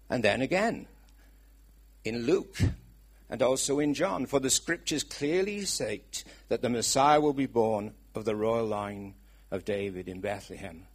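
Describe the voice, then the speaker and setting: Casting: middle-aged Welsh man, preacher, husky voice, talks with the congregation. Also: medium pitch. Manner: chatty, asks the congregation questions. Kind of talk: sermon.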